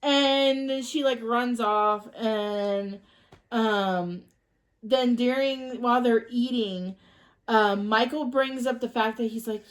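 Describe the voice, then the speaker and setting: A woman co-hosting a casual podcast, retelling a movie plot scene by scene. She talks slowly and halts often with ums and restarts. Her voice sits a little high. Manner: rambling and halting, full of ums. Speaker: podcast co-host. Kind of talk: casual chat recapping a movie.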